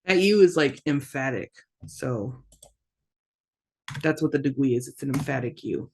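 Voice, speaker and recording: A language teacher giving a casual online lesson, repeating each word slowly and carefully and dropping in relaxed asides between examples. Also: medium pitch, breathy edge. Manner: slow, careful repetition of words with casual asides.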